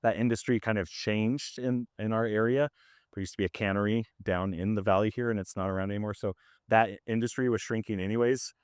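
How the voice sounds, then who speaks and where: A man leading a farm tour outdoors, explaining his farming in a casual, conversational way with lots of fillers, his voice slightly hoarse. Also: lowish voice, fairly even intonation, brisk, dry recording, studio quality. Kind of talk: explaining while walking a group around.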